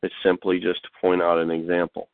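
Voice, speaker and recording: A middle-aged man with a lowish voice hosts a call-in Bible lesson, still stuffed up from a cold and clearing his throat between halting phrases. His voice comes through a tinny phone line with a dry sound. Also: monotone, no echo. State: congested, getting over a cold. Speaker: host.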